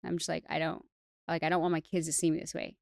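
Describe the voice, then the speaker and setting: Her voice is low and creaky, a little mellow, fast, and barely moves in pitch, captured at studio quality with no room sound. As a podcast guest who educates hairstylists, she tells her personal story candidly and chattily, often saying "like" and restarting sentences.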